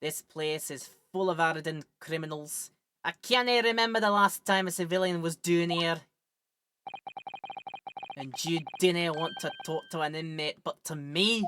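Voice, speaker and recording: A woman's voice: deep voice, normal speed, fairly bright tone, a little hiss or hum. A woman voicing a hostile, suspicious middle-aged male prison governor in a put-on general Scottish accent, with game music behind. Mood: gruff, suspicious. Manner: blustering, suspicious.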